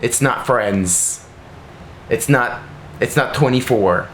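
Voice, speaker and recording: A man's voice: medium pitch, slow pace, fairly bright tone, slight background noise. A man teaching in a casual, frank way, often tagging his sentences with "right?". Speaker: Japanese teacher answering a viewer question. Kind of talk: casual video lesson. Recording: roomy echo, faint ambience.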